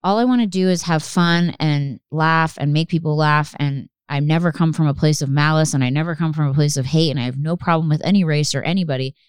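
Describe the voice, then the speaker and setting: A woman's voice: low-pitched, fairly quick, hardly any pauses, clean tone, dry recording, clean studio sound. A woman hosting a podcast in casual, rambling chat, swearing freely and peppering her talk with "like.". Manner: rambling, frequent swearing, many "like" fillers. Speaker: podcast host.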